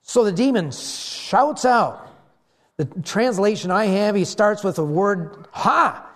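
A man's voice: sits high, slow. A man preaching a sermon to a congregation, acting out the voices in the story as he goes. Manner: animated, acts out the voices in the story. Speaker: pastor.

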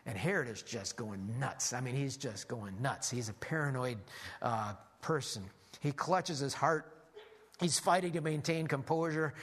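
A man preaching a sermon as a lively story, animated, with frequent restarts. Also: medium pitch, moderate pace.

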